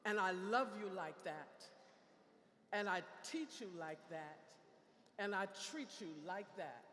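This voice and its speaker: A woman's voice: mid-range voice, animated, slow, a bit bright. An older woman and great-grandmother giving a playful commencement speech, calling out to the audience in a large hall. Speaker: commencement speaker. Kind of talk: ceremony speech. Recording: echoey hall, faint room noise.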